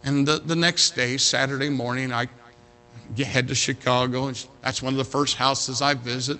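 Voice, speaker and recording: A man pastor telling a story in a sermon, swinging from loud to hushed. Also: medium pitch. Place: church sanctuary.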